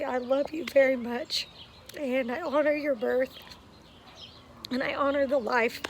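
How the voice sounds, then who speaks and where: A woman's voice: high-pitched, slight background noise. A woman outdoors giving an earnest, emotional birthday video message to a friend, with frequent ums.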